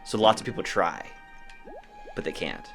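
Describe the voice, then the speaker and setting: A man's voice: sits low, normal speed, fairly bright tone. A man co-hosting a let's play, bantering in a joking, laid-back way. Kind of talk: casual gaming chat. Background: faint game music.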